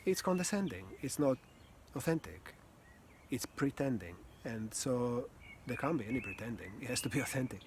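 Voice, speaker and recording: Calm, earnest male voice coach. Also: mid-range voice, a little hiss or hum. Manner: calm, earnest, slow with pauses, occasional sighs and soft laughs. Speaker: communication and voice coach. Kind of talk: reflective teaching talk.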